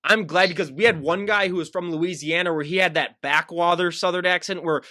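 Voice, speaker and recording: A man's voice: high voice, fairly even intonation, a little fast, bright, forceful tone, dry recording, clean studio sound. A man hosting a podcast, chatting casually with his guest in a rambling way, full of fillers and restarts. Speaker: podcast host. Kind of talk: casual interview chat.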